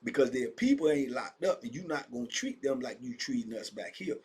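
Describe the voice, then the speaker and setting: Husky-voiced man telling prison stories. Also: mid-range voice, a little fast. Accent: Southern US, Virginia. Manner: animated, acts out voices of inmates and guards, drawling street slang. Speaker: storyteller recounting prison life. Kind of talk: casual storytelling monologue.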